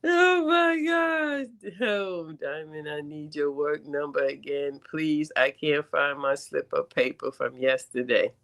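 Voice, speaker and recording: A woman's voice: deep voice, level tone, unhurried, creaky, hardly any pauses. A woman with a thick Brooklyn accent hosts a casual livestream. She talks bluntly and emphatically, and she breaks into laughter often as she chats. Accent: Brooklyn New York. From Brooklyn, New York. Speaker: stream host reading cards.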